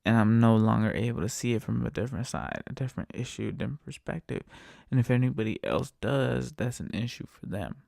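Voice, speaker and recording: Brief: male podcast host, casual swearing monologue, mid-pitched and raspy at the edges. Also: brisk, no room sound, studio quality. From United States. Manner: swears constantly, repeats himself, animated venting. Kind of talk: casual profane monologue rant.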